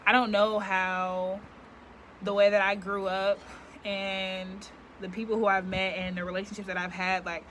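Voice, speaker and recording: Outdoors with yard work going on nearby, a young woman vlogger talks candidly to camera, rambling and reflective with plenty of filler words. Her voice is mid-range with a fairly bright tone, and there's a little hiss or hum.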